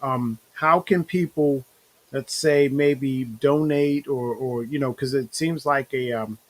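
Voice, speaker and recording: A man's voice: medium pitch, slow. A man hosting an interview show, encouraging his guest and speaking in a rambling way full of fillers. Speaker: interview host. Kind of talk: casual interview talk.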